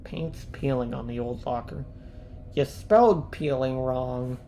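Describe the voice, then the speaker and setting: A woman's voice: very deep voice, measured pace, dark tone, a little hiss or hum. A woman streaming a video game, commenting casually and swearing as she rants in angry outbursts.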